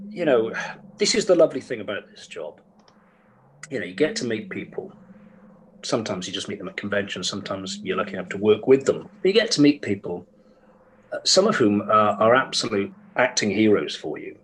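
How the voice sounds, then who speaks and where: Guy, animated storytelling, trips over his words a bit, faint hiss behind. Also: fairly low pitch, brisk, rough recording. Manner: warm storytelling, lively, with stammered restarts. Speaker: actor guest. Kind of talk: casual interview chat.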